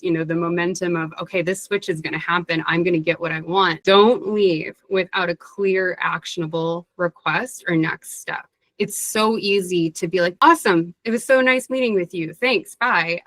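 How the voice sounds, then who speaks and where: Woman webinar presenter, lowish voice, dry close mic, chatty and animated. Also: dry recording, poor audio. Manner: chatty, animated, acts out quoted dialogue. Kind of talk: career advice webinar talk.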